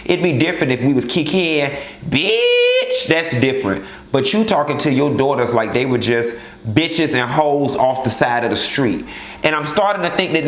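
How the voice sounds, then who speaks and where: A man's voice: mid-range voice, fairly bright tone, echoey room. Blunt, sassy male show commentator. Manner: blunt, sassy, speaks straight to the people on the show. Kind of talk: candid recap commentary.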